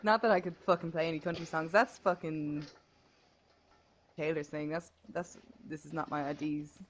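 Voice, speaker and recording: A woman's voice: sits low, fairly even intonation, normal speed, a little hiss or hum, poor audio. A woman, co-hosting a casual podcast chat, laughing often and swearing freely. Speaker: podcast co-host.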